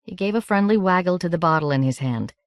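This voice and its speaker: A woman narrating an audiobook in a measured, steady reading. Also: fairly low pitch, dry recording, studio quality.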